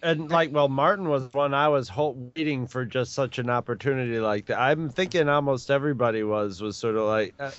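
A man's voice: medium pitch, a little fast, hardly any pauses, clean tone. A man co-hosting a podcast in casual chat, easygoing and thinking aloud. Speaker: podcast co-host. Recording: dry, dull lo-fi podcast mic.

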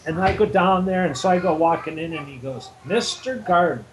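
A man's voice: fairly high pitch, brisk. A man reminiscing casually about school days with old friends, telling stories with crude jokes and frequent laughter. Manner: laughing storyteller, crude joking. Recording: noisy background.

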